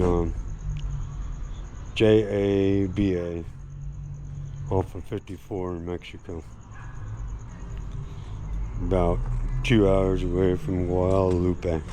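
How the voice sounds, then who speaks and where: Slow, halting American man, low voice. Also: warm tone, a little hiss or hum. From United States. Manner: rambling, halting, repeats words, swears a lot. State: sore and shaken after a beating. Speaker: motorcycle travel vlogger. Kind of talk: casual vlog monologue. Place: hotel room.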